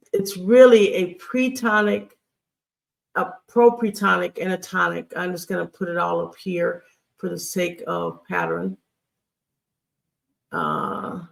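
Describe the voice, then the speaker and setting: A Hebrew grammar teacher talks through a recorded lesson at an unhurried, deliberate pace. The voice is gravelly with a touch of vocal fry. Delivery is halting and patient, pausing often to check in with the listeners. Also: medium pitch. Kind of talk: recorded online lesson, writing on screen.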